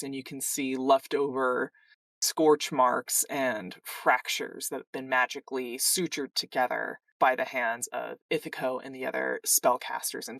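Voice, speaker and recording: Unhurried game master narration, dry sound, mic set back a bit. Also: medium pitch, creaky, fairly bright tone, no echo, distant mic.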